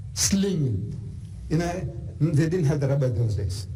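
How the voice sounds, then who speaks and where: A South African man giving a storytelling religious lecture, animated and full of conversational asides. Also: fairly high pitch, measured pace, a little hiss or hum, low-quality recording. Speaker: Islamic lecturer.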